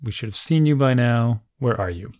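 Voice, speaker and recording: A man's voice: medium pitch, expressive, moderate pace, darkish tone, no echo. A man in his forties casually telling a funny family story, acting out quotes and laughing often.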